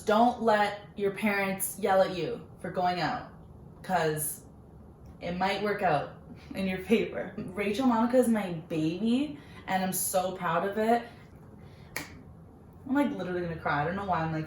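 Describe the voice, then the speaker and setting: A woman's voice: mid-range voice, a little mellow. A young woman chatting casually and earnestly about her own story, with many fillers. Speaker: vlogger, small business owner. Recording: roomy echo, faint background noise.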